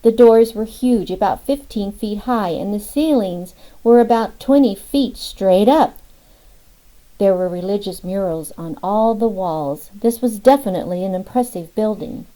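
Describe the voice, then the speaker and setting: A woman narrating an audiobook in a measured, expressive way. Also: medium pitch, rough recording. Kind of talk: scripted narration.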